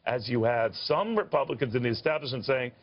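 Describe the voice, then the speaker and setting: A man's voice: medium pitch, expressive, fairly quick. A male news host leads a live television interview in a chatty, rambling way, with wry asides. His voice sits in a middle range. The broadcast audio is a little dull.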